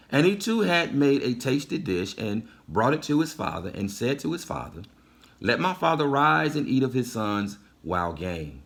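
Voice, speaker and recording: A man delivering a sermon, reading scripture in measured phrases before stepping out of the text to teach. His pitch rises and falls in an animated way, and he repeats key phrases to drive a point home. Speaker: preacher.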